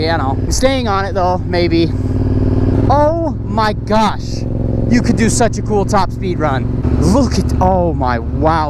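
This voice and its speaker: A young man riding a motorcycle and chatting excitedly to his viewers and to the animals he passes. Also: high voice. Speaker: motovlogger. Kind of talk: casual riding commentary. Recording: loud engine and wind noise.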